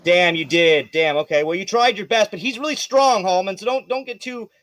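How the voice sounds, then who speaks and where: A man narrating as game master of a tabletop role-playing game, lively and quick to laugh. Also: high voice. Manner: lively, laughs often, jumps into quick character shouts.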